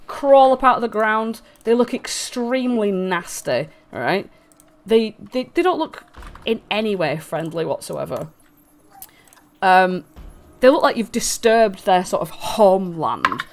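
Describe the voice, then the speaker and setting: A woman's voice: mid-range voice, slight background noise. A woman running a tabletop fantasy game, narrating in a chatty way with many fillers and restarts. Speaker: dungeon master.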